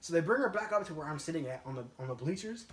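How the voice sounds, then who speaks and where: A young man with a fairly high voice tells a story in loose, slangy casual chat and laughs often. His voice carries a roomy echo. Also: expressive, rapid-fire. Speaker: guest storyteller.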